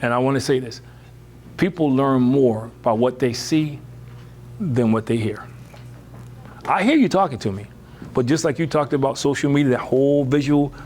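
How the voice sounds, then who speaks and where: A man speaks to parents in a loose motivational talk, leaning on rhetorical questions and casual asides. His voice sits at a middle pitch and climbs when he gets worked up. A faint hiss of noise runs behind him. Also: normal speed, pauses often. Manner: lively, emphatic, rising high when animated; conversational, uses rhetorical questions and "you know".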